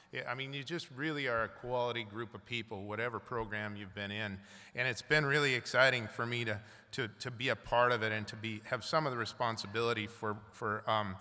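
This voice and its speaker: A man's voice: medium pitch, sharp tone, big-room sound. A man speaking as dean at a graduation, loose and joking, often restarting his sentences. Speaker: business school dean. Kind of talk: casual commencement speech.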